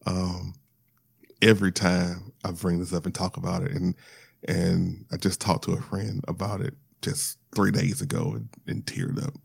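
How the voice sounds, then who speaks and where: Deep gravelly man, halting and tearful. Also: little pitch movement, no echo, clean studio sound. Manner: halting, restarts often, fighting back tears. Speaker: storyteller sharing a personal loss. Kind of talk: emotional personal monologue.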